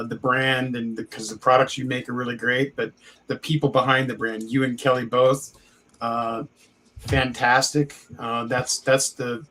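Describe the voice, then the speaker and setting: A man on a podcast speaking earnestly and haltingly, with many pauses and fillers. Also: mid-range voice, a bit bright. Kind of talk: casual podcast chat.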